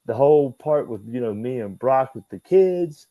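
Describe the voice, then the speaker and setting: A man, a guest in an interview, telling animated, profane stories and acting out the dialogue. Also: mid-range voice, normal speed, no room sound, low-quality recording. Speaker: guest, former wrestler. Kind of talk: casual storytelling interview.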